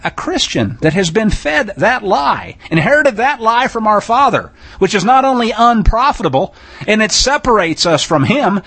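A man's voice: high voice, fairly bright tone. A man preaching a sermon, folksy and emphatic, with sarcastic asides and pointed scripture reading. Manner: reads scripture aloud, stressing single words. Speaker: Bible teacher.

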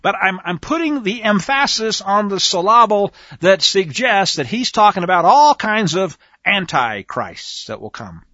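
Lively, bright-voiced man teaching scripture. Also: sits high, measured pace, hardly any pauses, no echo. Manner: animated, emphatic, talks to listeners directly. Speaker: Bible teacher. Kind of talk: conversational Bible teaching. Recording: dull lo-fi dry recording.

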